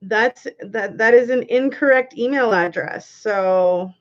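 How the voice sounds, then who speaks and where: A woman's voice: on the high side, slow pace, lo-fi sound. A woman hosting a live stream, chatting casually, giggling and reading viewers' comments aloud.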